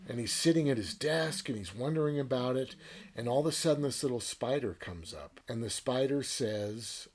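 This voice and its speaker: A man's voice: medium pitch, animated, normal speed. A man casually retelling a short story's plot as a book reviewer, in a loose, chatty way. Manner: loose, chatty retelling with fillers like "right?" and "kinda".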